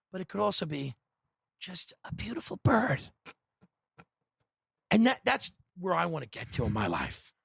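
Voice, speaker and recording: Sarcastic podcast guy doing a dark comedy rant, kinda high gravelly voice, dry close mic. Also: no room sound. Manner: sarcastic, deadpan dark satire; animated, mimicking voices. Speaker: podcast host. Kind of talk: comedic monologue.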